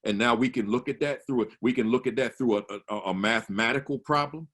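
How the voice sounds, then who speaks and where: A man's voice: medium pitch, fast, fairly bright tone, slightly rough. A man speaking as a principal to a conference of educators, emphatic and repetitive, stressing single words and restarting his sentences. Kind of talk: conference talk. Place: home or office, virtual conference.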